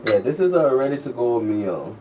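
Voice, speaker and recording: A man's voice: mid-range voice, very animated, moderate pace, distant mic, noisy background. A man co-hosting a home cooking channel, laid-back and jokey, chatting between bites at dinner. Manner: laid-back, jokey, talks with food in mouth. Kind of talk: casual chat while eating.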